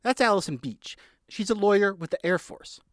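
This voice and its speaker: A man reporting a scripted radio news feature in a lively, measured delivery. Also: high voice, no room sound, clean studio sound.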